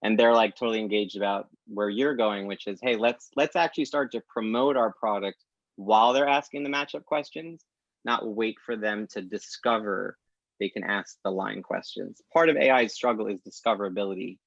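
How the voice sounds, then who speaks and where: A man with a low, gravelly voice talks as a podcast guest, animated and quick to act out bits of dialogue. The recording is dry and a little dull, with a lo-fi edge. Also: dry recording. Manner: animated storyteller acting out quoted dialogue. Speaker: guest, tech company founder. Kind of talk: casual podcast conversation.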